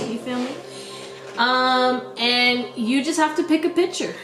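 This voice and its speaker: A woman's voice: high-pitched, measured pace, echoey room, over music, rough recording. A young woman giving a casual tarot reading, laughing often and talking in a scattered, slangy way. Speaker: tarot reader.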